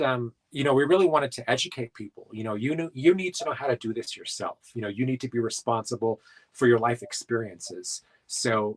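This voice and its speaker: A man's voice: mid-range voice, poor audio. A man from South Dakota, a paranormal investigator being interviewed, talking in a rambling casual way with lots of filler words.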